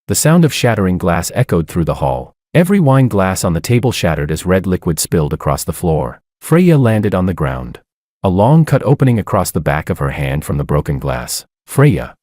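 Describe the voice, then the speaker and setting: A man's voice: low voice, sing-song, a little fast, darkish tone, no room sound, clean studio sound. A man narrating a first-person romance drama in a smug, dramatic storytelling manner.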